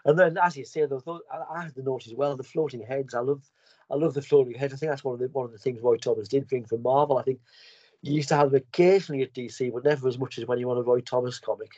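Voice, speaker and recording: A British man talks quickly as a guest in a casual comics chat, often repeating words as he restarts. The recording is dull and muffled. It is also dry, with no room sound. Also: mid-range voice, dark tone, dry recording. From United Kingdom. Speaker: podcast guest.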